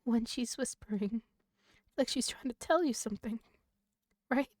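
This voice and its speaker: A woman streaming a horror game, reading its text aloud in a low voice and breaking into loud, startled swearing. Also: a little slow, long pauses, dry recording, clean studio sound. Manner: reads narration quietly, then reacts with loud startled swearing.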